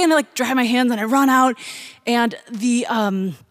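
A woman's voice: a little high, moderate pace, a bit bright. Chatty woman telling a story. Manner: chatty, laughs often, many fillers. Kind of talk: personal storytelling.

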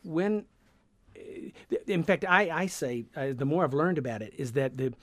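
A man with a Southern US accent, a sound effects artist, telling stories in a radio studio interview, rambling and animated with many restarts. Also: fairly high pitch, normal speed, no echo. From Georgia, USA.

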